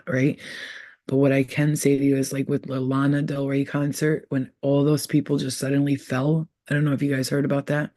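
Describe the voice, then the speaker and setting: A man's voice: medium pitch, darkish tone, no room sound, clean studio sound. A young man in a casual, rambling monologue who talks in a profane, conspiratorial way as a spiritual vlogger.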